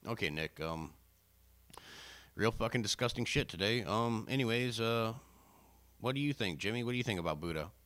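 A man hosting a casual comedy podcast in a flat, halting way, full of fillers. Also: on the low side, no echo. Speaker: podcast host.

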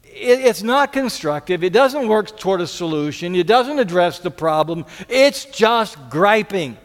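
A man preaching a sermon as a pastor, earnest, repeating key lines for emphasis and dropping to soft pleas. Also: high voice, lively intonation, measured pace, big-room sound.

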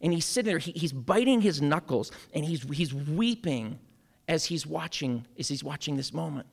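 A middle-aged man retelling a story to an audience in an earnest, halting way, often restarting and repeating words. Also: fairly high pitch, expressive, vocal fry, breathy edge. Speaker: speaker addressing an audience. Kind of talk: personal storytelling talk.

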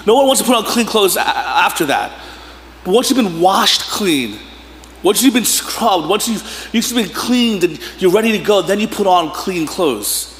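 A pastor in his thirties preaches a sermon in a church sanctuary, telling casual, joking stories and often breaking into laughter. His high, slightly bright voice swings widely in pitch at a moderate pace. The echoey hall carries faint room noise.

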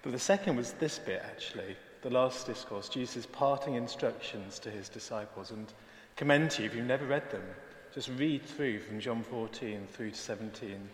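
A man preaches an evening sermon in a mid-pitched, earnest and conversational voice, often slipping in asides. His words ring out through a large church with a long, hall-like reverb. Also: normal speed. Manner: earnest, conversational, peppered with "actually". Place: church, indoors.

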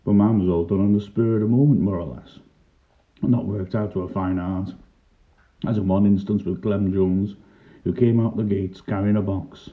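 Older man, low voice, wry storytelling. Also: steady tone, normal speed. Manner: wry, dry humour. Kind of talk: reminiscing first-person story narration. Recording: tinny lo-fi narrow-band recording.

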